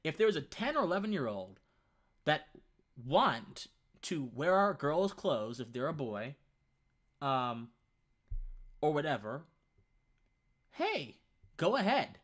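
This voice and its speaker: A young man with a higher voice takes it slowly and pauses often as he hosts a casual opinion livestream. Lively and conversational, he frequently says "man," rambles, fumbles his words, and restarts sentences.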